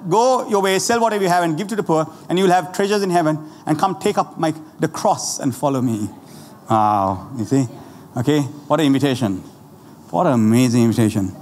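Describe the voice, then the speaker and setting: A man preaching a lively, conversational sermon, laughing often and talking straight to the congregation, with a Sri Lankan accent. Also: on the high side, fairly quick, slight background noise. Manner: animated, laughing often, asides to the audience. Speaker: pastor. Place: church hall. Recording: roomy church hall with faint ambience.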